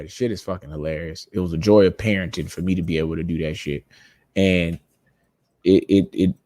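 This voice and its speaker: A man's voice: deep voice, darkish tone, no room sound. A man hosting a podcast, telling a rambling, profane family story in a casual, laughing way from his home studio. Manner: profane, loose, laughing storyteller who acts out quotes. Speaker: podcast host. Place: home studio with lights and microphones.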